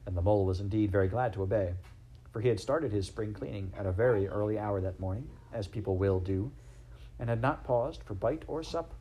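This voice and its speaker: A man narrating a classic storybook aloud in a gentle, measured, expressive way. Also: fairly low pitch, slightly rough, highs cut off.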